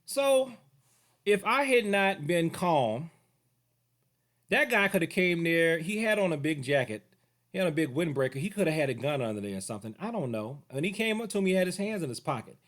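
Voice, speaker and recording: A man's voice: a little high, sing-song, brisk, a bit bright. A martial arts teacher telling a personal story to camera in a casual way, acting out the other people's voices as he goes.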